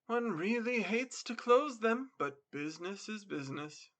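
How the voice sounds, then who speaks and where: A man reading the part of a polite, sly male devil who deals in souls, with a smooth, mocking courtesy. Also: high voice, lively intonation, measured pace, fairly bright tone, pitched above the performer's own voice.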